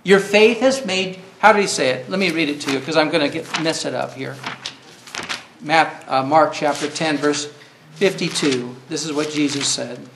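A man's voice: a little high, normal speed, vocal fry, roomy sound, background noise. A man preaching a sermon earnestly, reading scripture and rising to cries when he quotes.

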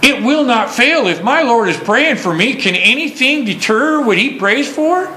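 A man preaching a sermon slowly and emphatically, stressing key words. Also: very high-pitched, lively intonation, sharp tone, reverberant, slight background noise, low-quality recording.

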